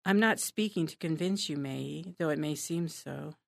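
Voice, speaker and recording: A woman's voice: low-pitched, moderate pace, vocal fry, no room sound, studio quality. A woman reading aloud as a passionate, brooding young male poet, dramatic and impassioned.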